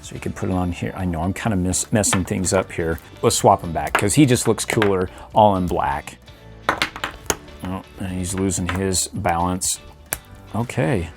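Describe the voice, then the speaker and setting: A middle-aged man with a low voice hosts a casual toy review at normal speed, with music underneath. He's playful and chuckles often, making little sound effects as he poses the figures.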